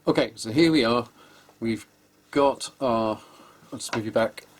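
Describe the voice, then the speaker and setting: A man's voice: mid-range voice, unhurried, a little hiss or hum. A man giving casual, wry workshop commentary as he sets up a guitar, hesitating often and sounding exasperated, recorded on a camera microphone in an indoor workshop. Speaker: guitar repairer.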